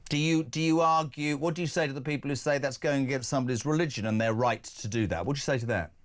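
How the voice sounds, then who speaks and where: A man hosting a live breakfast radio phone-in, brisk and chatty, with quick joking asides. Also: medium pitch.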